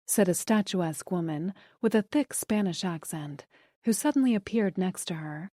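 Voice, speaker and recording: A woman narrating an audiobook in a soft, hushed delivery. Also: lowish voice, expressive, moderate pace, dry recording, studio quality. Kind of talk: scripted narration.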